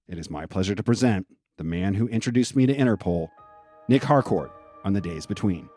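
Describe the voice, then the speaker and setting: A man hosting a podcast, reading a measured, formal introduction and then asking interview questions. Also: on the low side, lively intonation, mellow, faint music behind. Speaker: podcast host.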